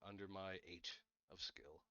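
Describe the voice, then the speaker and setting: A man playing a tabletop role-playing game, excitable and swearing freely. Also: low voice, moderate pace, dry recording. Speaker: player. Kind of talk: casual tabletop play. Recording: dull lo-fi mic with faint hiss.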